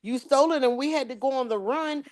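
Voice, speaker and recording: A woman's voice: sits high, fast. Lady telling a wild story, acts out everybody's lines, voice jumps all over. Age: adult with children. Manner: animated storyteller, acts out quoted dialogue. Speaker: podcast co-host. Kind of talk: casual storytelling chat.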